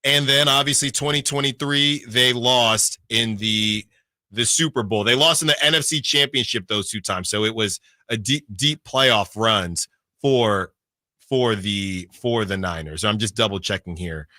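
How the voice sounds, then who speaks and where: A man's voice: on the low side, unhurried, pushed and bright, no room sound, clean studio sound. A man hosting sports radio, reading out team records in casual talk and checking himself as he goes. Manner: reads out records, self-checking.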